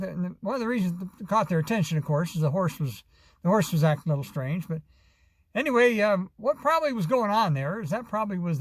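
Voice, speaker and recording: A man's voice: high-pitched, no echo. A man from Arizona, telling a long, rambling story with many fillers and restarts in a casual vlog. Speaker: vlogger.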